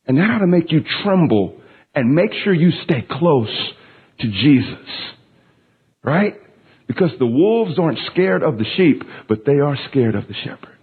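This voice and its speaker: Impassioned preacher on a tinny line. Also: male voice, on the high side, very animated, a little slow, slightly rough. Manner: impassioned, building to emphatic peaks. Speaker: pastor. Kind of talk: sermon. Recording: tinny phone-like sound.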